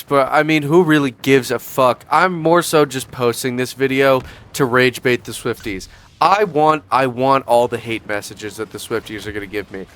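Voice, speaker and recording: A man's voice: mid-range voice, a bit bright. Sarcastic young man ranting. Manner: sarcastic, profane, mocking. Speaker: YouTube commentator. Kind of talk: ranting commentary vlog.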